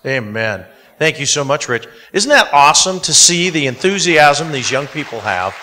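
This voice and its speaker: A man's voice: a little high, sing-song, moderate pace, sharp tone, a little hiss or hum. A man presenting in a church, interviewing a young speaker and affirming him with amens, recorded in a reverberant church hall. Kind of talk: interviewing from the pulpit. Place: church sanctuary.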